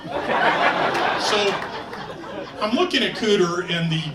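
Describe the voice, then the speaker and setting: A stand-up comedian from New York, high-pitched and lively in intonation, takes his time telling a long story full of fillers and acted-out quotes. He's on a comedy stage before a laughing audience, and the very noisy crowd comes through on a roomy, distant live club recording.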